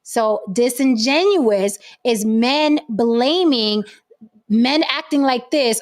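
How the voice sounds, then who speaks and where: Woman host on a livestream, blunt and emphatic, swears a lot, voice on the higher side. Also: takes it slowly. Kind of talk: livestream talk show commentary.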